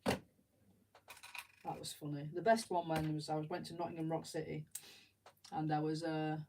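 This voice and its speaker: Chatting casually as she builds on stream, a middle-aged woman with an English accent tells rambling stories and laughs a lot. Her voice sits low, a little slow with little pitch movement, picked up by a distant mic with background noise.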